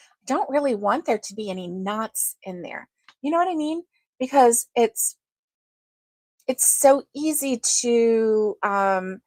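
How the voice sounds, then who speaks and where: A woman hosting a casual crochet livestream, chatting slowly with lots of ums and greeting viewers by name. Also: a little high, darkish tone, dry recording. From United States.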